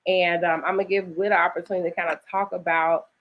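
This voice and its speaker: A woman's voice: lowish voice, little pitch movement, fast talker. A woman co-hosting and organizing a literary festival, talking in an upbeat, chatty way, often checking in with "right?", with a slight lisp. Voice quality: slight lisp from dental aligners. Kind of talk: casual promotional chat. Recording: dull lo-fi audio.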